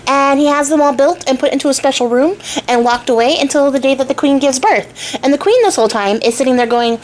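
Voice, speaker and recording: A woman's voice: high voice, fast talker, slight background noise. A young adult woman hosting a casual storytelling vlog, retelling a folk tale with chatty, irreverent asides. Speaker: storyteller and craft channel host.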